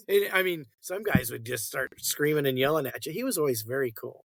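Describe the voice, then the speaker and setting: A man's voice: mid-range voice, animated, moderate pace, gravelly, a bit bright, no room sound. Rambling male podcast co-host, dry sound. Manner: rambling storyteller, acts out quoted dialogue. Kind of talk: casual chat.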